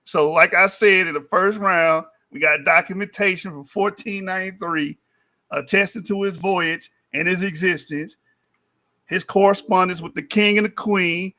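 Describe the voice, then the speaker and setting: A man with a high, bright voice trash-talks through a heated online debate. He boasts, swears freely and mocks his opponents, laughing between points. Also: fairly even intonation, normal speed. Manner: boastful, profane, mocking with frequent laughter.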